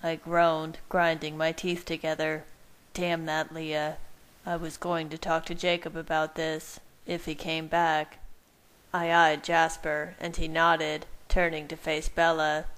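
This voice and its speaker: A woman narrating a first-person fan fiction story in a soft, measured way. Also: deep voice, monotone, clear, resonant tone, low-quality recording.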